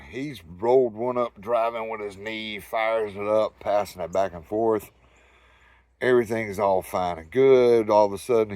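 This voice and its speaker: A man's voice: on the low side, a little mellow, dry recording. A man with a Southern US accent telling a rambling, profane anecdote in casual storytelling style. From Southern United States. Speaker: storyteller host.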